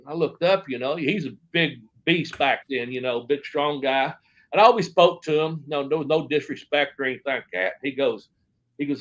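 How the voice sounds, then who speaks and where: A man's voice: medium pitch, moderate pace, fairly bright tone, muffled recording. A man, a former pro wrestler, telling stories in an interview, rambling with lots of fillers. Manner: rambling, filler-heavy, acts out quotes. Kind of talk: shoot interview storytelling.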